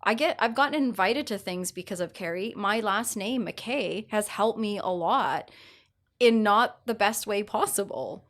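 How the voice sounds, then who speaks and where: A woman's voice: mid-range voice, unhurried, a bit bright. A woman in casual podcast chat, telling candid personal stories with frequent restarts. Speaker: podcast guest.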